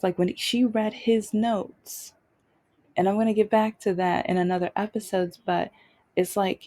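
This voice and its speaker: A woman's voice: medium pitch, warm tone. A young adult woman hosting her own show, telling a personal story off the cuff and repeating phrases for emphasis. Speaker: podcast host.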